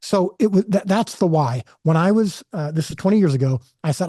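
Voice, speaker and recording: A filmmaker guest on a podcast tells a personal story, earnest and animated, often restarting his sentences. His voice sits high and is expressive, brisk and warm, captured in a dry, clean studio recording.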